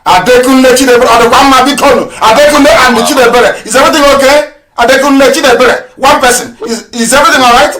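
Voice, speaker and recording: A man's voice: very high-pitched, fairly even intonation, fast talker, few pauses, roomy sound, distant mic, crowd noise, poor audio. A man hosting a live call-in broadcast, repeating callers' words in a formal, courteous way. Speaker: radio call-in host.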